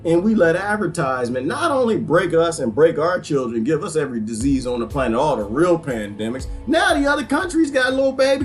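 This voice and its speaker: An excitable man hosting a rambling livestream commentary, laughing often and restarting his words. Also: a little high, brisk, soft background music. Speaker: livestream host.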